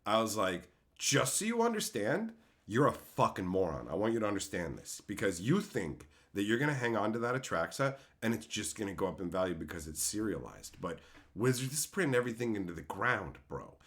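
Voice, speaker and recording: A man hosting a casual livestream, chatting with viewers in a blunt, animated way, swearing freely and breaking into loud outbursts. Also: fairly low pitch, a little fast. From Canada. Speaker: streamer host.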